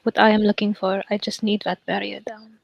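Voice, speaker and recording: A man voicing Solomon, a polite scholar who speaks formally and precisely, pitched well above his own voice. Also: flat delivery, a little fast, vocal fry, dry recording, lo-fi sound. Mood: insistent.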